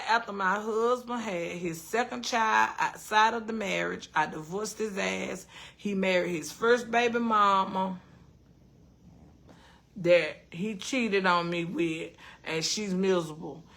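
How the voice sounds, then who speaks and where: Bright, animated woman livestreaming at home. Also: lowish voice. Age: 50s. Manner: animated storytelling, swearing freely, reading out viewer comments. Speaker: livestream host. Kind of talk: casual livestream chat.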